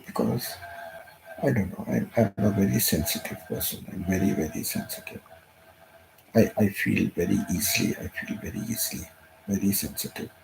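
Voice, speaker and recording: A man with a very low, gravelly voice that sounds dark and mellow. He speaks softly and emotionally, repeating phrases as he chats on a home live stream. A faint hiss of noise sits behind him. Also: animated, moderate pace, poor audio. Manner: soft-spoken, repeats himself, emotional. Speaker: channel host.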